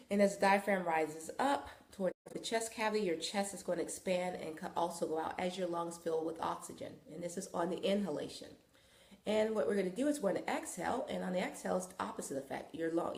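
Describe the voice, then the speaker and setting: Woman host talking into a phone in an echoey room, leading yoga in a calm, rambling way. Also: fairly low pitch. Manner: loose, rambling instruction with many fillers; calm, coaching guidance. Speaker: wellness host and yoga guide. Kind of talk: live-streamed wellness talk and guided yoga.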